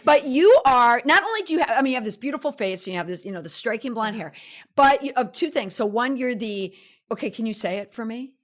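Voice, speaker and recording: A chatty woman hosts a podcast interview in a loose, casual way. She sounds eager and laughs often, with a fairly high voice. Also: lively intonation, quick pace. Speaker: podcast host.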